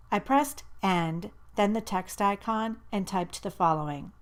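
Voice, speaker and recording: A woman reading a first-person novel aloud in a steady, measured narration. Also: fairly low pitch. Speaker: audiobook narrator.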